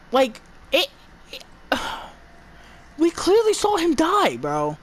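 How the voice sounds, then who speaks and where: A woman giving an exasperated, profane movie review, stumbling and restarting her words as she rants. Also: high-pitched.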